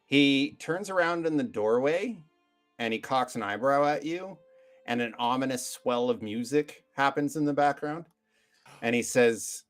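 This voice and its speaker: A man's voice: mid-range voice, unhurried, faint music behind. A man running a tabletop game as game master, with a mid-range voice. He narrates loosely, stalling on fillers as he describes the scene. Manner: loose, hesitant with many fillers.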